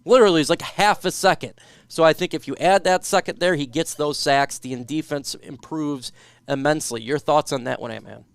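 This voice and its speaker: Man reading fan questions, crisp dry voice. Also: on the high side, a little fast, no echo. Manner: reads viewer questions aloud then answers. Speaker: podcast host reading live chat. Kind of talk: casual sports talk.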